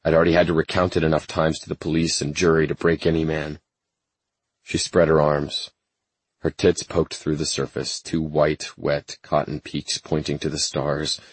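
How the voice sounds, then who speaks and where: A man with an extremely deep, husky voice reads a first-person romance audiobook. His delivery is measured, brooding and intense. The recording is close and completely dry. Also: little pitch movement, dry recording. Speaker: audiobook narrator.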